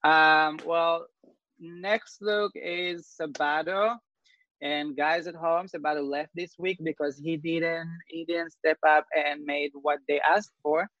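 A man's voice: on the high side, fairly even intonation, slow, a bit bright, no room sound, highs cut off. Upbeat slangy man hosting a chat. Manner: upbeat, slangy, laughs often. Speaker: host. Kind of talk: casual panel chat.

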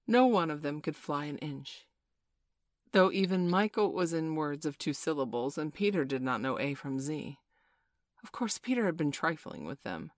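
Low-voiced woman reading a storybook. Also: no echo, studio quality. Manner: measured, gently playful storyteller. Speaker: narrator.

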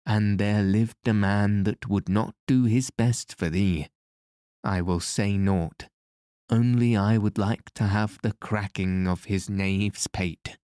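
A man's voice: on the low side, fairly even intonation, takes it slowly, mellow, clean tone, dry recording, clean studio sound. A man voicing a bold, sturdy outlaw in a storybook reading, with blunt archaic speech.

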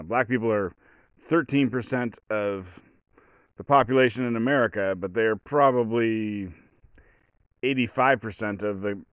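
Rambling low-voiced man. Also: clean tone, no room sound, clean studio sound. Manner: rambling, self-interrupting storyteller. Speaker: podcast host. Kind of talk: solo casual podcast monologue.

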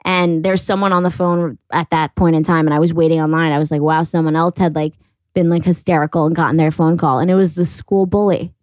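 A woman's voice: deep voice, brisk, no room sound. Laughing, foul-mouthed woman podcast host. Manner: animated, laughs often, swears freely. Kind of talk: casual storytelling chat.

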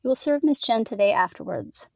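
A woman's voice: fairly high pitch, animated, fairly quick, vocal fry, darkish tone, dry recording, clean studio sound. A woman voicing a snarky female coworker who teases and mocks. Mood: bossy. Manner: teasing, mocking.

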